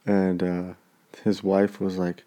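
Guy with a low mellow voice, chatting casually, does little voices for everyone in his story. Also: takes it slowly. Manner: animated storyteller acting out quotes.

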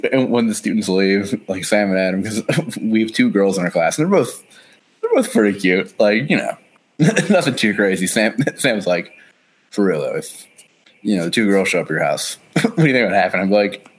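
A man's voice: on the low side, expressive, moderate pace, slightly rough. A man in his thirties in casual chat, rambling through stories, laughing often and swearing. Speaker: friend chatting.

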